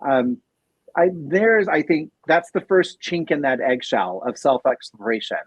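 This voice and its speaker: A man's voice: a little high, big pitch swings, unhurried, slightly rough, no echo. A man speaking as a podcast guest in casual conversation, thoughtful, with many fillers and restarts, on a dull lo-fi recording. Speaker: podcast guest, nonprofit operations director.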